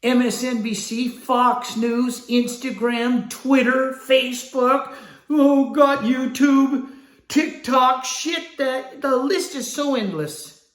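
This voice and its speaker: A man teaching a sales class, blunt and profane, acting out his pitch dialogue. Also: fairly even intonation, slow, reverberant. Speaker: sales trainer.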